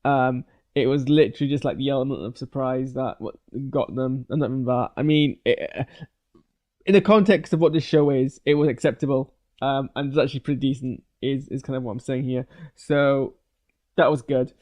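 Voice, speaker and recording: A man giving a loose, hesitant live reaction to a TV episode, full of fillers and restarts, with sudden bursts of excitement. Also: mid-range voice, moderate pace. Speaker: video reviewer. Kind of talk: live post-watch reaction.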